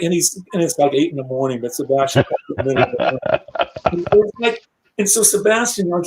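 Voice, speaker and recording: A man with a fairly high-pitched voice tells a story in a casual interview. He is animated and lively, slipping into the voices of the people in his tale. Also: low-quality recording. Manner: animated, acts out voices in quotes. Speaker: guest musician.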